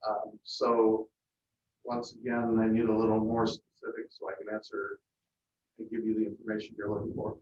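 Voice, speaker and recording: A man speaking at a public meeting as airport manager, plainspoken and hesitant with frequent pauses. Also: fairly low pitch, monotone, a little hiss or hum. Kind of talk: meeting discussion. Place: council meeting room. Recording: echoey, distant, muffled meeting audio.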